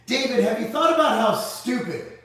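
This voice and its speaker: A man's voice: extremely high pitch, sing-song, moderate pace, a bit bright, heavy reverb, recorded from a distance. A man hosting a casual live Q&A, reading viewer comments aloud and answering them in a blunt, profane, sarcastic way.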